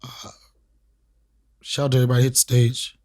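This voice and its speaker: A man, a comedian and podcast host, telling a story in a casual interview with emphatic, profane, animated talk. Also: mid-range voice, normal speed. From Washington, D.C. area. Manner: animated, profane, emphatic, repeats phrases for punch.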